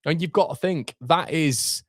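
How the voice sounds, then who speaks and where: A man's voice: fairly high pitch, measured pace, no room sound, clean studio sound. A young man hosting a live fan watchalong, reacting with frustration and swearing as he talks to his chat.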